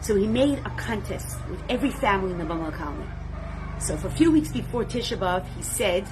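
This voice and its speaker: A woman's voice: mid-range voice, lively intonation, fairly quick, music in the background. A woman teaching a Torah class, telling a story dramatically and expressively. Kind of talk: storytelling lesson.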